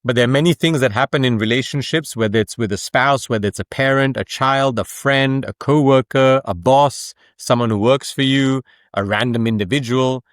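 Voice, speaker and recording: A man speaking in an interview at a middle pitch, with an explanatory, emphatic way of talking. He leans on rhetorical questions to drive his points home. The sound is dry and close. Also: normal speed, few pauses, no echo. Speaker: author and coach, podcast guest. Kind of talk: conversational interview.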